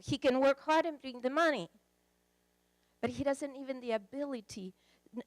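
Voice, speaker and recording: A woman's voice: a little high, no echo. A woman preaching a sermon, telling a counseling story in an emotive, dramatic way.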